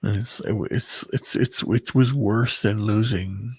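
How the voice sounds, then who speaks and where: Husky gravelly man recounting a breakup. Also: on the low side, steady tone, dry recording. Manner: halting and rambling, heavy filler words, bitter. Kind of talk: emotional personal storytelling.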